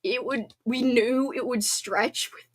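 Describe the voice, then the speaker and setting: A woman's voice: on the high side, fairly even intonation, takes it slowly. A woman in her thirties hosting a casual livestream, chatting in a bubbly, talkative way with lots of fillers. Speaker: livestream host reading chat. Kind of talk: casual chat.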